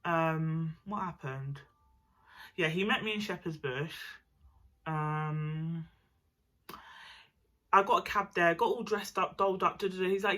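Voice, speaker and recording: A woman's voice: fairly low pitch, unhurried, pauses often. A young woman with a nasal voice, telling a chatty, slangy personal story. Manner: chatty and animated, slangy, swears; mimics other people's voices. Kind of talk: casual storytime monologue.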